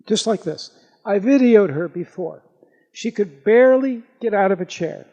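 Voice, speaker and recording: A man with a notably high-pitched voice, a doctor speaking live to an audience. He talks in a lively, anecdotal way, building his patient stories with energy and asking the room questions. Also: normal speed, long reverb tail, dull audio. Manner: animated anecdotal storytelling. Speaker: doctor giving a talk.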